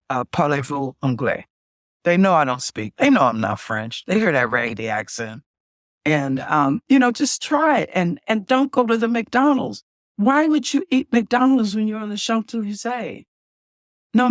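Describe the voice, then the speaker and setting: A woman's voice: lowish voice, dry recording, studio quality. Emphatic, chatty woman co-host. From United States. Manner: chatty, emphatic, folksy asides. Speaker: podcast co-host and singer. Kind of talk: casual chat.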